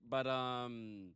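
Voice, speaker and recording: A man hosting a podcast in casual chat, playful and quick to laugh, recording while driving around. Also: medium pitch, bright, forceful tone, clean tone, no echo. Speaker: podcast host. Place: in a car and outdoors, recording on the go.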